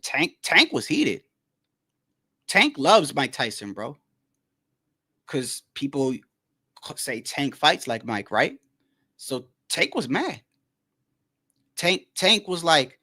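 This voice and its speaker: A man hosting his own boxing channel, talking in a loose, animated rant that stumbles, repeats itself and swears. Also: mid-range voice. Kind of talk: casual commentary.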